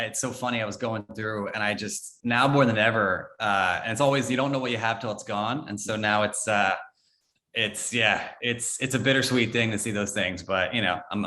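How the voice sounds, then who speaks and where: An American man in his young adult years chats as a podcast guest with a bright, forceful edge to his lowish voice. He gets excited and trips over repeated words at the start of his sentences. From United States. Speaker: guest, former entertainment reporter. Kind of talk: casual podcast chat.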